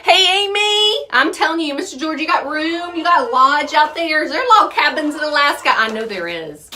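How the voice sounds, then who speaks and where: By a chicken coop, with chickens and a rooster in the background, a homesteading vlogger does outdoor chores and chats casually to camera. Her voice is high-pitched, expressive and sharp in tone, her pace brisk, and she laughs often.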